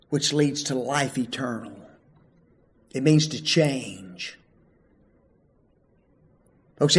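A man preaching a sermon in a slow, deliberate cadence. His fairly high voice rises and falls widely, jumping up for loud calls and dropping low for hushed asides. He leans hard on rhetorical questions.

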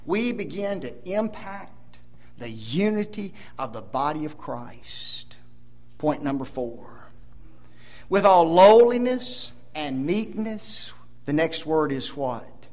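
High, animated preacher man. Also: takes it slowly. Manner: emphatic, asks the congregation rhetorical questions; swings between loud emphasis and hushed asides. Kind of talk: sermon.

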